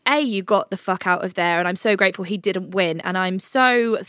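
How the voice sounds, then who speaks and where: A woman's voice: medium pitch, a little fast, a bit bright, clean tone, dry recording. Woman crying on a zoom call, comforting her mate, swears a lot, dry sound. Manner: tearful, swears freely, comforting. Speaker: podcast co-host. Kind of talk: emotional casual chat. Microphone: video call.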